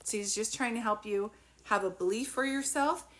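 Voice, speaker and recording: A woman's voice: a little high, normal speed, fairly bright tone. A middle-aged woman giving a live-stream psychic reading, talking in a chatty, encouraging way with many fillers and restarts. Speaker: psychic medium.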